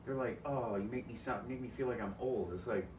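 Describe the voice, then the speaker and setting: A man's voice: mid-range voice, fairly quick, a little mellow. A young man co-hosting a podcast, telling stories with lots of swearing. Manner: profane, ranting storyteller. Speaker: podcast co-host. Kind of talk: casual chat. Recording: roomy echo, distant mic, faint noise.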